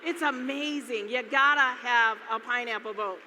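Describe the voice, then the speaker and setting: A woman's voice: a little high, normal speed, pushed and bright. A middle-aged woman from Michigan telling rambling, chatty stories to a live audience from a stage, laughing often and looping back with "anyway.". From Michigan, USA. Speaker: speaker at a business event. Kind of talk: casual storytelling talk to a live audience. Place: large hall before an audience. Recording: echoey hall, faint noise.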